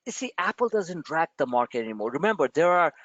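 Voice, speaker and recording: A man's voice: on the high side, fast talker, no echo. A male trading show host talking brashly and with jokes through a live market webinar, calling his listeners "my friend". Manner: animated, brash and joking, addresses listeners as "my friend". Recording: dry, dull lo-fi stream audio.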